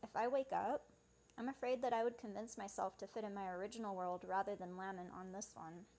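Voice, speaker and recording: A woman's voice: mid-range voice, steady tone, a little fast, warm tone, a little hiss or hum, lightly acted. A woman reading out the lines of an anxious young woman lost in a dream world, wistful and self-doubting.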